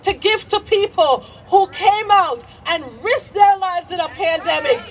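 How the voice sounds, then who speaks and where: A woman's voice: very high voice, unhurried, few pauses. A childcare provider speaking at an outdoor rally, angry and shaking, repeating her points and leading the crowd in chants. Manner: angry, repeats lines and leads call-and-response chants. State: shaking with anger. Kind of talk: impassioned rally speech. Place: outdoor rally on a city green. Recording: outdoor crowd recording from a distance.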